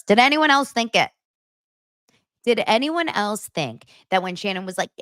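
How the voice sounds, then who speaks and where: A woman's voice: mid-range voice, brisk, dry recording, clean studio sound. A woman hosting a podcast, recapping a reality show in casual commentary and acting out the cast's lines in mocking voices. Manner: animated, acts out quotes in mocking voices. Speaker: podcast host.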